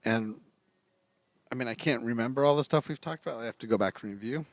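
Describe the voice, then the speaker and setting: A man from Florida co-hosts a relaxed podcast from a back porch at night. He rambles along with hesitations and self-corrections, his voice at an ordinary middle pitch. The sound is dry and close, without any room echo. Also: fast. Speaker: podcast co-host. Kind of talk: casual chat.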